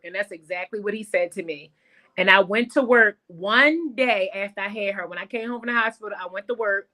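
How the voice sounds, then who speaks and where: A woman who owns a salon, telling her story in a casual interview in an animated way. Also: medium pitch, moderate pace. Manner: animated storyteller, calls the host girl. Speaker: salon owner and guest.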